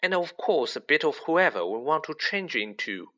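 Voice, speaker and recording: A man reading a story aloud, putting on the voice of a clever, bossy young schoolgirl who talks shrilly and excitedly. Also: on the high side, moderate pace, voice pushed up. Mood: brisk. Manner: breathless, excited.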